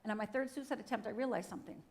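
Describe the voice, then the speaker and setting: Her fairly high, slightly mellow voice moves very fast. The speaker, a middle-aged guest from Upper Michigan, stands on a church stage delivering a dramatic testimony, acting out quoted lines and addressing the audience head-on.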